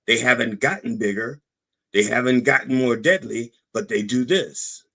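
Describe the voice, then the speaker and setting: A man's voice: medium pitch, moderate pace, creaky, bright, forceful tone, breathy edge. A man hosting a podcast in a casual monologue, rambling and digressing as he talks. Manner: rambling, digressive, self-interrupting. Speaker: podcast host.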